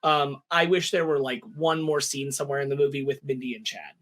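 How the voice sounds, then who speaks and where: A man's voice: mid-range voice, steady tone, a bit bright. A man co-hosting a podcast, weighing his opinions in casual chat with many ums. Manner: measured, hedging with ums. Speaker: podcast co-host.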